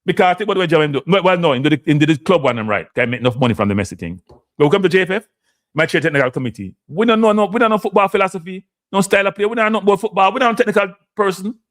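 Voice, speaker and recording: A man's voice: high voice, lively intonation, very fast, fairly bright tone. A man with a Jamaican accent, hosting a live stream and ranting heatedly, switching between standard English and patois. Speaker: host. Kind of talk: impassioned live-stream rant.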